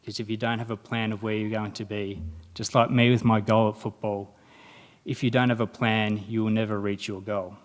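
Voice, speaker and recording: A man's voice: fairly low pitch, normal speed. A young man giving a motivational speech at a graduation ceremony, telling stories and acting out the dialogue in them. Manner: animated storytelling, acting out quoted dialogue. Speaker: guest speaker.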